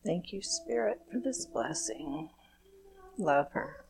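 A woman leading a chakra blessing ritual as its spiritual officiant, speaking in a measured, incantatory way. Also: fairly low pitch, sing-song, vocal fry, a little mellow, a little hiss or hum, rough recording. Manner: slow, measured, incantatory delivery.

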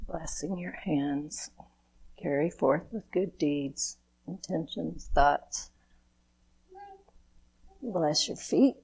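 A woman officiant moves through a chakra blessing at an unhurried pace. Her voice is husky and a little gravelly, set somewhat low. The delivery is measured and incantatory. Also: a little mellow, rough recording. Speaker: spiritual officiant giving blessings.

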